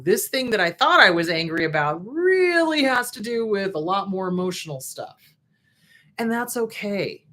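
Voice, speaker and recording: Middle-aged woman therapist, casual and blunt, talks straight to camera with punchy emphasis. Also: mid-range voice. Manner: frank, emphatic, animated, playful asides. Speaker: therapist host. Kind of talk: casual advice talk to camera.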